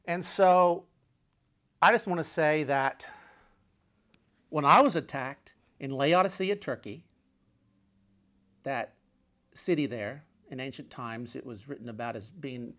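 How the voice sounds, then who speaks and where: With lively intonation, a man slowly tells a dramatic story from his travels, pausing often and repeating phrases. He shifts from loud, urgent moments to hushed, low asides.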